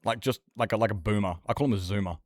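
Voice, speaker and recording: A man's voice: fairly low pitch, rapid-fire, dry recording, studio quality. A young Australian man chatting casually on a livestream, swearing freely and laughing often. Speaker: streamer.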